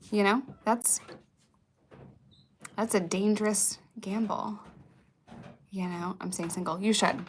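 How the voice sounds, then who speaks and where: Woman, 30s, gravelly creaky voice, casual livestream chat, reads viewer comments, swears a lot. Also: medium pitch, sharp tone, a little hiss or hum. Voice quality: frequent swearing, candid and rambling.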